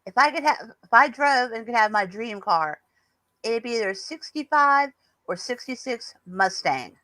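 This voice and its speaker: A woman's voice: on the high side, animated, moderate pace, sharp tone, no room sound, low-quality recording. A woman in her fifties chatting casually as a guest, telling stories in a talkative way. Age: 50s. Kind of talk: casual chat.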